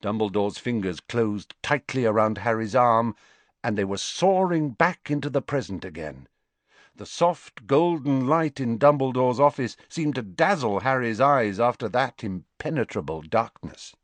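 A man reads a dark story aloud at an unhurried pace, his pitch rising and falling expressively. The sound is close and dry, with no room around it. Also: dry recording. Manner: deliberate, expressive reading. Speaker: audiobook narrator. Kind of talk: dramatic audiobook narration.

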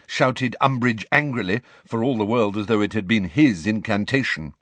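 A man's voice: on the low side, moderate pace, dry recording. A man narrating a storybook audiobook expressively and voicing every character himself. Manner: expressive, plays all characters.

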